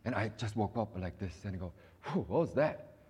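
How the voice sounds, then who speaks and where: Animated preaching man, lively low voice. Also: normal speed, breathy edge. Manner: animated, preaching with sudden loud rises and soft low passages; acts out prayers and voices in dialogue. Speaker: pastor. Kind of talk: sermon.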